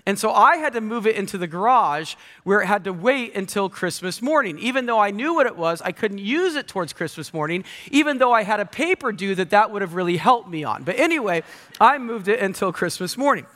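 A man's voice: sits high, animated, brisk, sharp tone. A man in his thirties, a pastor giving a sermon with playful, self-mocking storytelling. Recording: long hall reverb.

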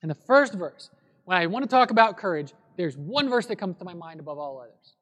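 A man with a high voice preaches a sermon, retelling a story in an easygoing, conversational manner. His voice carries a long reverb from a large church hall. He talks like a pastor chatting with his congregation rather than orating. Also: animated, brisk, a bit bright.

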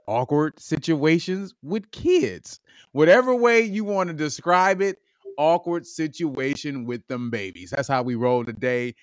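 A man hosting a podcast, talking casually and announcing the episode topic with animated, drawn-out hype. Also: on the high side, no room sound, clean studio sound. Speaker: podcast host.

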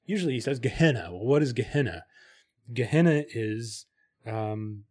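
A man's voice: mid-range voice, expressive, moderate pace, a little mellow. A man hosting a podcast, talking casually and at length with frequent fillers, sometimes reading passages aloud. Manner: talkative, many fillers and restarts, reads passages aloud. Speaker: podcast host. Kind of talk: casual chat about spirituality.

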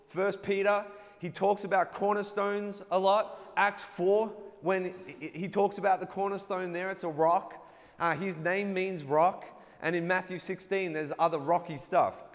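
A man's voice: sits high, fairly even intonation, unhurried. A man preaching a sermon, playful, calling out for the congregation to answer back and laughing at his own jokes. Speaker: pastor. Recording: long hall reverb.

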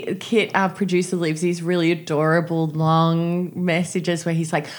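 A woman's voice: fairly low pitch, little pitch movement, normal speed. A woman co-hosting a podcast, chatting and reminiscing in a giggly, casual way. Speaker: podcast co-host. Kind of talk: casual chat.

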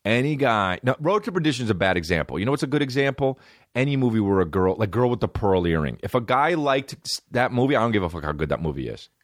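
A man's voice: on the low side, quick pace, dry recording, clean studio sound. A man hosting a podcast, ranting in a profane, rambling, comedic monologue. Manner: profane, rambling, animated rants. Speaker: podcast host.

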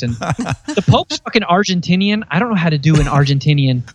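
A man's voice: on the high side, big pitch swings, a little fast. A man, a radio personality guesting on the show, telling crude jokes and stories in casual chat with frequent laughter.

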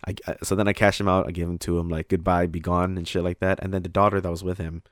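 Deep-voiced guy telling a story. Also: little pitch movement, rapid-fire, no room sound, studio quality. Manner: rambling, heavy on fillers and swearing, acts out voices. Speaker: retail worker telling a story. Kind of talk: casual profane storytelling.

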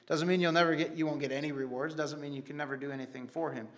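A man's voice: a little high, fairly even intonation, fast talker, dull audio. A man giving an earnest, rambling church testimony with many restarts. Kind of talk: sermon testimony.

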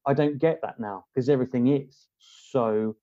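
Man, podcast guest, casual chat, halting and rambling, slightly muffled lo-fi sound. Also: mid-range voice, no echo. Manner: rambling, halting, many restarts and fillers. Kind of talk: casual conversation.

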